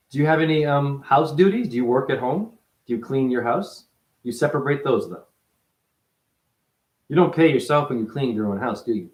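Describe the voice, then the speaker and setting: A man giving a rambling, profane spiritual monologue as a self-styled teacher, his voice jumping up and down in pitch. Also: lively intonation, normal speed, pauses often, darkish tone. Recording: echoey room.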